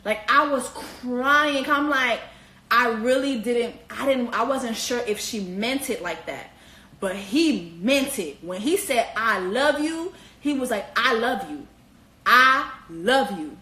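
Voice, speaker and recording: A woman hosting casual commentary on a reality TV show, animated and slangy, with profanity and squealing high exclamations. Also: unhurried, echoey room, rough recording. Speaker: host.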